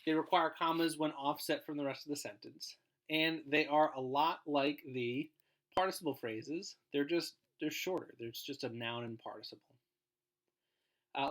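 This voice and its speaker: A man's voice: on the high side, a bit bright. A man giving a recorded grammar lesson as a guest teacher, explaining in an informal way and trailing off at the ends of phrases.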